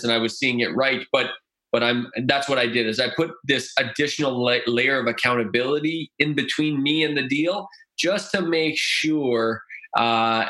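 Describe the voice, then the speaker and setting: Canadian male podcast guest, sharp bright tone, earnest, stumbles and restarts. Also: mid-range voice, rough recording. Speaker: podcast guest, real estate investor. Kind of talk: casual conversational interview.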